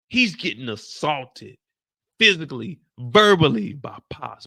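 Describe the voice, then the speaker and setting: A man riffs on a TV episode as a recap host, loud in spirit, profane and full of slang. His voice sits a little high with a gravelly edge and a bright, sharp tone. The sound is close and dry. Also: lively intonation, moderate pace, no room sound. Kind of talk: casual ranting episode recap.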